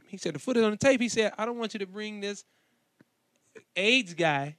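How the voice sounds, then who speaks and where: A man's voice: high voice, lively intonation, moderate pace, long pauses, fairly bright tone, no echo, studio quality. A man in casual chat, animatedly retelling comedians' jokes and acting out their voices. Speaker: co-host discussing stand-up comedy.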